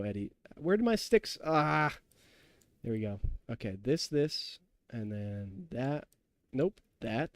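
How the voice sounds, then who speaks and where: A man's voice: a little high, darkish tone, no room sound. Chatty young man, dry close mic. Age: young adult. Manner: rambling, laughing, storytelling, reading chat. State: tipsy. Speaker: streamer. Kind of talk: casual live-stream chat while gaming.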